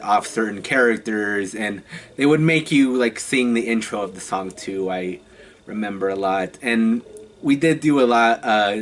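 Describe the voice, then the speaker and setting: A man in his twenties telling stories in a casual vlog, chatty and halting, often laughing between phrases. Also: fairly low pitch. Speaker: vlogger.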